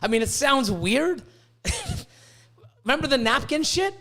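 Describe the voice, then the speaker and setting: A man hosting a casual podcast, rambling and swearing as he tells animated stories, hot and sweating in his room. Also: very high-pitched, slow. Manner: profane, rambling, animated storytelling. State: sweating, overheated. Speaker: podcast host, reptile breeder. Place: hot indoor room with a fan.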